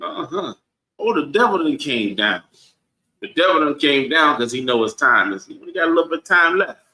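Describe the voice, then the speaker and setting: Preachy guy teaching bible class, bright sharp voice, echoey room. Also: fairly high pitch, very animated, brisk. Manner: preachy, asks the room "right?" over and over.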